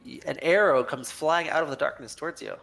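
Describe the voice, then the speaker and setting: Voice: mid-range voice, a little fast, gravelly, fairly bright tone, soft background music, rough recording. A game master narrating a tabletop game in a laid-back way, laughing often.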